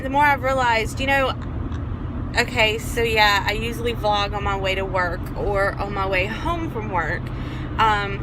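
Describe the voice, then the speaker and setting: A woman in her forties talking earnestly in a casual vlog, recorded on a phone in her car. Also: mid-range voice. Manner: earnest, personal, rambling with restarts. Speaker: vlogger. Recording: car and road noise behind.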